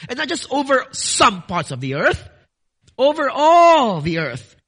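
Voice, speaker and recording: Male preacher, very high bright voice, earnest sermon delivery that builds to emphatic declarations. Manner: addresses listeners as "dearly beloved".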